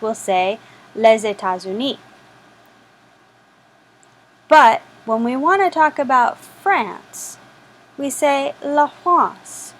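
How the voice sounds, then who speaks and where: A woman's voice: a little high, poor audio. A woman teaching a French lesson, patiently repeating each word for practice. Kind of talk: slow spoken language lesson.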